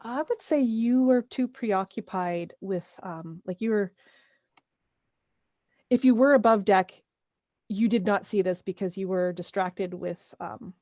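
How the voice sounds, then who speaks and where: A woman game master narrating a tabletop role-play over an online call. Her voice is mellow and dry, and her pitch sits mid-range. She pauses often on fillers. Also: no echo.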